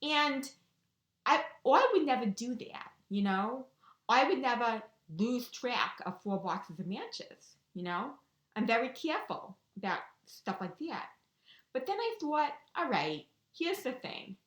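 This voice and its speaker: A woman's voice: a little high, very animated, unhurried, a bit bright, echoey room. A woman vlogger telling a personal story in a casual, chatty way, often checking in with the listener. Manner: chatty, keeps checking in with "right?" and "you know".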